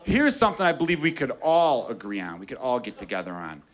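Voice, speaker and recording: A man's voice: medium pitch, very animated, fast. A man doing stand-up in a conversational way, asking the audience for agreement. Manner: conversational, asks the crowd for agreement. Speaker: stand-up comedian. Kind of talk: stand-up bit. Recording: noisy crowd behind.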